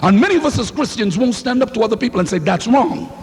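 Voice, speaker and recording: A man preaching a sermon in a church, swinging into shouted lines and calling for responses from the congregation. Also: very high-pitched, animated, rapid-fire. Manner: fiery, rising to shouts, call-and-response. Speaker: pastor. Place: church sanctuary. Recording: hall reverb, faint hum.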